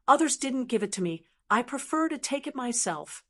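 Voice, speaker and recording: A young male vampire who speaks quietly and calmly, with a defiant edge. A woman voices him in an audiobook, close to her own reading voice. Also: fairly high pitch, moderate pace, pitched above the performer's own voice, full character voice. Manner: soft, calm.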